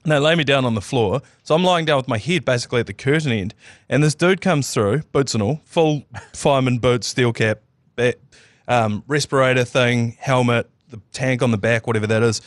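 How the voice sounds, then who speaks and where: A man with a New Zealand accent co-hosting a casual podcast, telling stories in a lively way and laughing as he goes. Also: medium pitch, brisk, no echo, clean studio sound. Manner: lively storytelling, often laughing mid-sentence. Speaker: podcast co-host. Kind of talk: casual chat.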